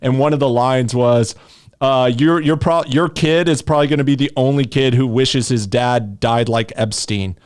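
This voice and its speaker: A man's voice: mid-range voice, normal speed, clear, resonant tone. A young man hosting a casual podcast chat, brash and joking, laughing at his own lines. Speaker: podcast host.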